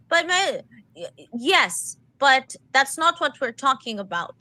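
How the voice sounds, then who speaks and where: A woman with a Turkish accent speaks as an interview guest, pressing her point and circling back to repeat it. Her voice sits high and sounds bright and sharp. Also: animated, unhurried. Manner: insistent, repeats herself to make a point. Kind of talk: earnest explaining in an interview clip.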